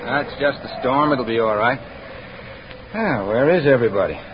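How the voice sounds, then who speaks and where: An actor playing an earnest painter husband in 1940s radio-drama style. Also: male voice, mid-range voice, moderate pace, noisy background, lightly acted. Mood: uneasy. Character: painter husband, eager then weary. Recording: dull lo-fi old radio recording.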